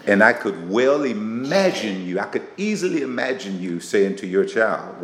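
A man hosting a casual faith-based interview, animated and teasing, laughing often. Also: on the low side, normal speed, few pauses. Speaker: interview host. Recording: echoey room with faint noise.

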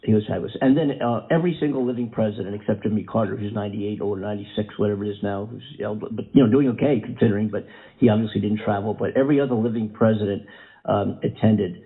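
Halting man, tinny line. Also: lowish voice. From Philadelphia suburbs, USA. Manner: halting, lots of fillers and restarts. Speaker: podcast co-host. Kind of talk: casual chat. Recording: tinny phone-like audio.

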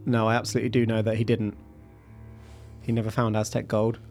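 A man's voice: on the low side, completely flat delivery, a little fast, darkish tone, soft background music. A man telling a sea story to his co-host in a casual, wry way, with playful asides and laughs.

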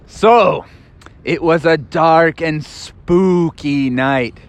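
A man's voice: a little high, drawn-out words. Playful man rambling through a bedtime story. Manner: rambling, playful, full of fillers.

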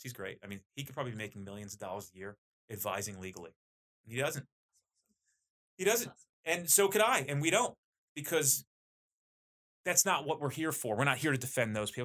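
Animated bright-voiced man. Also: mid-range voice. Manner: animated, enthusiastic storyteller. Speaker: police training company owner. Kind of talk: casual podcast conversation.

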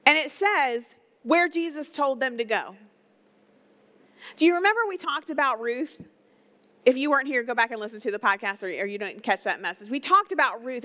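A woman pastor delivers her sermon in an earnest, conversational manner. Her voice sits slightly high, and she draws listeners in with personal stories and rhetorical questions. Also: fairly bright tone.

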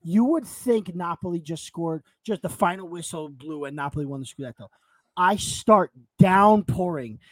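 A man's voice: a little high, fairly quick, hardly any pauses, dry recording. A man telling a long, emotional story in a casual podcast chat, swearing and tripping over his words as he goes. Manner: excitable storyteller, swearing, repeating himself. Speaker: podcast co-host.

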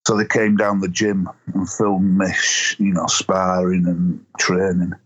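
A lowish, husky man's voice spins long, rambling stories full of fillers. He is a former boxer and rugby player chatting as an interview guest. The recording sounds dull and lo-fi. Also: little pitch movement, a little slow, fairly bright tone. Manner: rambling anecdotes with many fillers. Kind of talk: casual storytelling interview.

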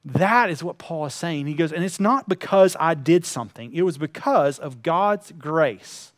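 A man preaching a sermon, telling a personal story earnestly, dropping to hushed tones and then building in intensity. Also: on the high side, expressive, moderate pace, no echo, clean studio sound. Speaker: pastor.

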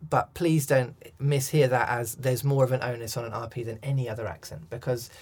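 A man's voice: medium pitch, steady tone, a little fast, darkish tone. A man, a coach, answering interview questions thoughtfully with frequent restarts and ums. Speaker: accent coach.

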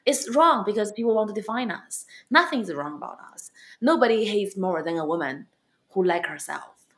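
A woman stand-up comedian and club owner with a non-native accent, answering interview questions bluntly and with animated storytelling. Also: medium pitch, moderate pace. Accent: non-native English accent.

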